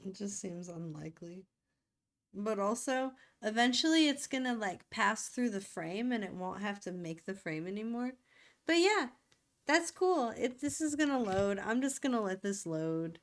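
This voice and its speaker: A woman's voice: mid-range voice, expressive, moderate pace. A woman streaming live, chatting casually and rambling playfully to herself as she works. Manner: rambling, playful, self-talking while working.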